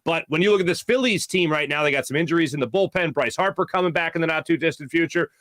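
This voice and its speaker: A man's voice: fairly high pitch, fast, a bit bright, no room sound, clean studio sound. A man hosting a sports talk show, chatty and jokey, often laughing. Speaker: sports radio host.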